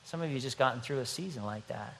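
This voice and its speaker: A middle-aged man preaching a sermon as pastor, animated and playful, acting out little scenes. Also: medium pitch, fast talker, slight background noise.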